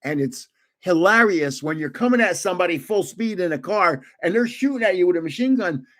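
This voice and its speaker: A livestream host in his seventies animatedly tells casual gaming stories, laughing often and restarting his sentences. His voice is high-pitched and brisk.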